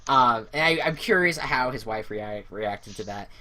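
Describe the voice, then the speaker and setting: Loud, animated young woman podcaster. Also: extremely low pitch, moderate pace. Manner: loud, animated, laughs and swears often. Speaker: podcast co-host. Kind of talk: casual recap chat.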